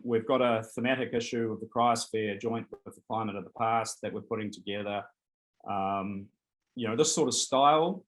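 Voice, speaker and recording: A man's voice: mid-range voice, rough recording. A man presenting his research programme in an online symposium, enthusiastic and often restarting his phrases.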